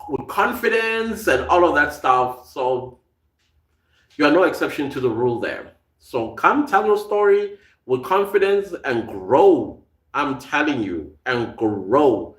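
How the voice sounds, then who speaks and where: A man's voice: fairly high pitch, animated, a little slow, fairly bright tone, reverberant. A South African man with a slight American tinge to his accent, hosting a live podcast and reading out viewer comments, chatty and laughing often. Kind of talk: casual live-stream chat.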